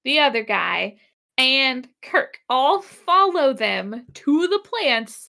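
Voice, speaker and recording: A woman's voice: high-pitched, expressive, slow, gravelly, sharp tone. A woman co-hosting a casual podcast chat, recapping a TV episode with sarcasm and frequent laughter. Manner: sarcastic, laughing, acts out characters' lines. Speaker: podcast co-host.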